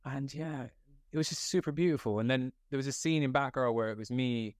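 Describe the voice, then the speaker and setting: Man from Scotland, young adult, casual and slangy, mid-pitched voice, dry close sound. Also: a little fast, no echo. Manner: animated, slangy, many filler likes. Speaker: actor guest. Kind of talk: casual interview storytelling.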